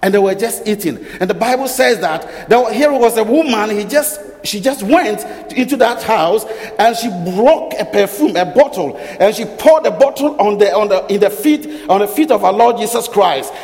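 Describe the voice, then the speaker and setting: A man's voice: sits high, expressive, normal speed, darkish tone. A man preaching a sermon, firing rhetorical questions, repeating phrases and correcting himself as he goes. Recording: long reverb of a large hall.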